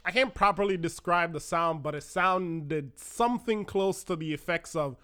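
A man hosting a podcast, telling a personal story in an animated, self-mocking way with dramatic pauses. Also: fairly high pitch, smooth. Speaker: podcast host. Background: faint background music.

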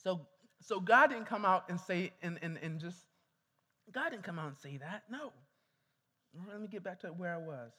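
A man preaches in a church hall, his voice high and bright. He restarts and repeats phrases often and calls on the congregation to say things back. The hall gives a long reverb. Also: expressive, normal speed, long pauses. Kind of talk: sermon.

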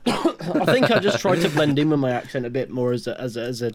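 A man's voice: medium pitch, very animated, fast talker, over a noisy crowd. Rambling man with a mixed English accent. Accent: mix of West Country and northwest English. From West Country, England. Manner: rambling, swears casually, restarts often. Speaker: podcast co-host. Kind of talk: casual podcast chat.

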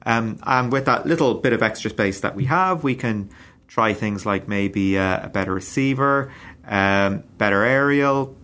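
A man co-hosting a chat show, laying out the other side of the argument in a measured, patient way. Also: lowish voice, a bit bright. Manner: measured, patient, plays devil's advocate. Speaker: co-host. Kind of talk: casual debate chat.

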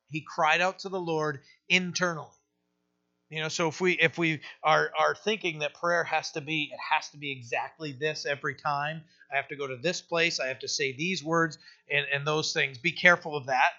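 A man's voice: fairly high pitch, sharp tone, dull audio. A male pastor teaching a sermon in a conversational way, full of rhetorical asides and restarts.

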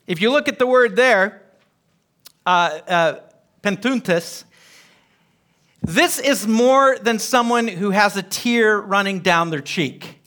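Bright, high-voiced man teaching scripture. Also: animated, takes it slowly, pauses often. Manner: emphatic, asks the group questions. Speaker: Bible teacher. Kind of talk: teaching Bible study.

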